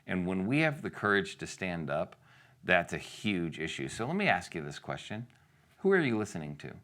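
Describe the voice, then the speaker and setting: Low-voiced man preaching conversationally. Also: very animated, normal speed, fairly bright tone. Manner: conversational, asks the congregation rhetorical questions, acts out quotes. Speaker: pastor. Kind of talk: sermon.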